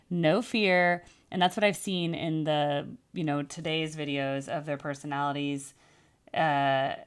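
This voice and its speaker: A woman with a low voice talks through a music reaction in a casual, enthusiastic way. She sounds like a vocal coach, chatty and easygoing, breaking off at times to sing a short phrase as an example. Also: smooth. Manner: enthusiastic, chatty, demonstrates singing.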